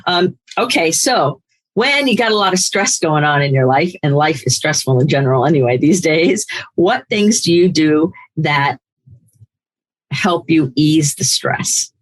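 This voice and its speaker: A woman's voice: low voice, animated, measured pace. A woman hosting a casual interview, responding with empathy and short affirmations. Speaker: interview host.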